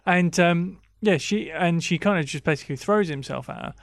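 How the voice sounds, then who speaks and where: A man chats about a film in an agreeable, halting way, searching for words as he goes. His voice sits a little higher than most men's. The sound is close and dry. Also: dry recording. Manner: agreeable, hesitant, lots of fillers and restarts. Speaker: film podcast co-host. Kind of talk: casual film discussion.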